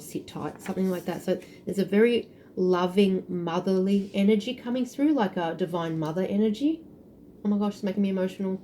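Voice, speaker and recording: Woman tarot reader, warm dark tone, emotional and searching, faint hiss behind. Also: mid-range voice. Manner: earnest, emotional, searches aloud for words. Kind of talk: intuitive tarot reading to camera.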